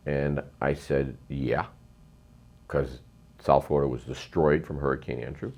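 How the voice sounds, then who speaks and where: Middle-aged man, very low voice, emphatic rambling storyteller. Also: fairly even intonation, measured pace, vocal fry, darkish tone. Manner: rambling, emphatic, frequent ums and uhs. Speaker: real estate investor, guest. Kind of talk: storytelling interview.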